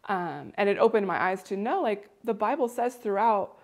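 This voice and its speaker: A young woman from the United States telling a story in casual conversation, animated and full of "like" fillers, acting out quotes. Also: medium pitch, moderate pace. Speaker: guest.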